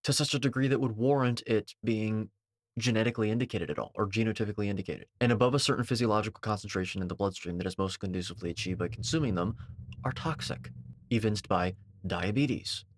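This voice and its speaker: Combative low-voiced man on a dry mic. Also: dry recording. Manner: dismissive, combative, jargon-heavy, swears. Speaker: commentator reacting to a video. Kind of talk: argumentative reaction commentary.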